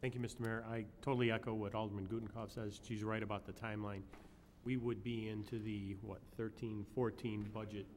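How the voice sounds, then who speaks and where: Flat, low-voiced man alderman. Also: fairly quick, a little hiss or hum. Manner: agreeable, even, matter-of-fact. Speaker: alderman chairing a committee. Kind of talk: council meeting discussion. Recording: long reverb council chamber audio.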